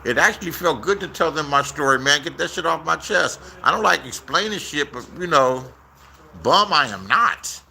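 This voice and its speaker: A man's voice: a little high, expressive, moderate pace, gravelly, bright, forceful tone, slight background noise. A man telling stories in a casual, rambling rant, swearing a lot and repeating his phrases.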